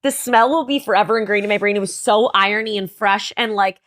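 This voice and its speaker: A young woman co-hosting a podcast, telling a story in animated casual chat, full of "like" and swearing. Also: mid-range voice, quick pace, dry recording. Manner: animated storyteller, heavy "like" filler, frequent swearing. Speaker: podcast co-host.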